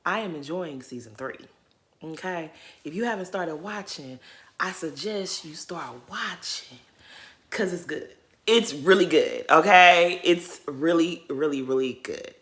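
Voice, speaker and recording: A woman's voice: on the low side, unhurried. A chatty woman with a Southern American accent, in her thirties, talking casually to her channel's viewers and tagging her points with "okay?". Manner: chatty, tags lines with "okay?". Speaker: YouTuber. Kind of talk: casual chat.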